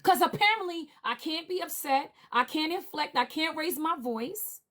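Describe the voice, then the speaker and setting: A woman speaking on a livestream panel in a heated, indignant rant, repeating her demands forcefully. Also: sits high, expressive, normal speed.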